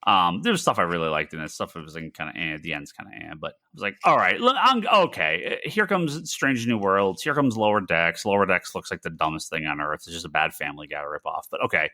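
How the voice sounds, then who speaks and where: A man in casual podcast chat, ranting with a lively, swinging delivery and a lower-pitched voice that still sounds bright and forceful. He curses freely and acts out what he thought at the time. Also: fairly quick, dry recording, studio quality. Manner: animated ranting, swearing, acts out his own past reactions. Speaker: podcast co-host.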